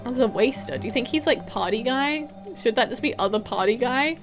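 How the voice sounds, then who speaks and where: A woman's voice: a little high, animated, a little fast, few pauses. Chatty woman streamer with game music. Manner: chatty, laughing, self-mocking. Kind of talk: casual gameplay chat.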